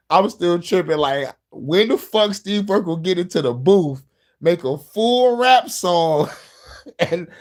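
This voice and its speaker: A man hosting a casual show, telling profane stories with lots of laughter. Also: a little high. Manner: laughing, animated, profane storytelling. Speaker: host. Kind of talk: casual chat over music.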